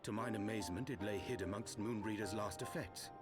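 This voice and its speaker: A man's voice: lowish voice, fairly quick, close to an everyday voice. An actor playing a solemn male scholar who speaks in archaic, formal English in a game cutscene. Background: game music.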